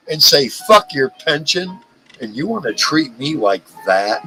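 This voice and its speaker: A man's voice: fairly high pitch, very animated, normal speed, bright, forceful tone, soft background music, rough recording. A man hosting a live stream, talking in a heated, profane rant and often stumbling over and repeating his words. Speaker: livestream host.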